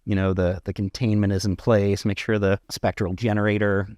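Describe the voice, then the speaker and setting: Low-voiced man running a tabletop game. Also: little pitch movement, moderate pace, a little mellow, no room sound, clean studio sound. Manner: descriptive, with many fillers and restarts. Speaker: game master.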